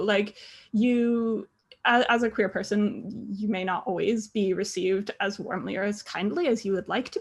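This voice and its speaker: A woman in her thirties on a book panel, speaking hesitantly with many fillers, her voice breaking with emotion. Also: mid-range voice. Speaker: graphic novel author on a panel. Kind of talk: panel discussion.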